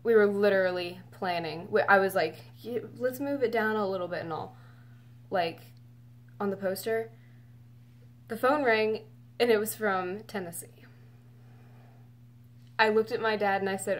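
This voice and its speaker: A woman's voice: medium pitch, a little slow, pauses often. A woman telling a personal story in a casual, rambling way with many fillers, close to tears and emotional. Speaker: fan telling her story.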